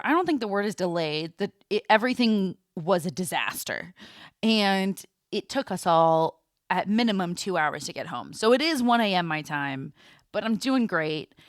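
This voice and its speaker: Casual, rambling podcast chat comes from a young woman co-host who laughs often. Her medium-pitched voice is animated and moves at normal speed. The sound is clean studio audio with no room tone.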